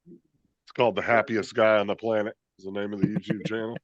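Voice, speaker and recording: A man's voice: lowish voice, little pitch movement, no room sound, dull audio. A man hosting a casual chat over a video call, joking and teasing his friends. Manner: joking, teasing, quick banter. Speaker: show host.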